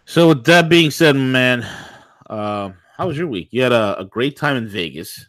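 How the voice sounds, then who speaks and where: A man's voice: mid-range voice, animated, moderate pace, a bit bright, no room sound. A man hosting a casual morning talk show, playful and hypey, rambling with restarts. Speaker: show host.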